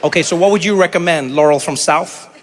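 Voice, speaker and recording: A man in his forties from South Africa doing stand-up and crowd work, animated and acting out little voices as he talks, laughing along with the room. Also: a little high, a little fast, long reverb tail, a little hiss or hum. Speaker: comedian. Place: comedy venue with a live audience.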